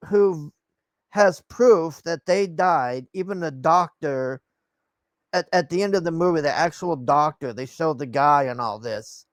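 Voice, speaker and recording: Talking to his camera, a male vlogger rants in an easygoing but exasperated way, rambling, cursing often, and drifting off into sighs. His voice is on the high side and unhurried, with no echo.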